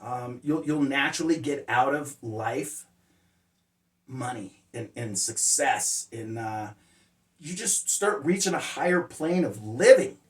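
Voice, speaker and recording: A man's voice: mid-range voice, animated, slow pace. A man telling personal stories as life lessons in a casual, rambling way, full of "uh" fillers and blunt, profane language. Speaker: motivational speaker sharing life lessons. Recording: roomy sound, distant mic.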